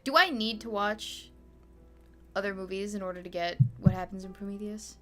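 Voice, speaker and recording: Bright-voiced woman asking dry questions. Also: mid-range voice, steady tone, normal speed, soft background music. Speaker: podcast co-host. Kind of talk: casual chat.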